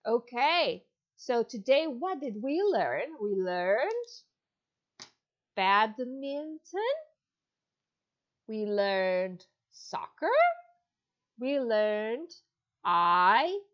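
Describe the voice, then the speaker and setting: Lively, slow-talking woman teacher. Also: on the high side, muffled recording. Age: 30s. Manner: slow, exaggerated, encouraging teacher talk with lots of praise. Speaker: ESL teacher. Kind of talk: demo online lesson for a child.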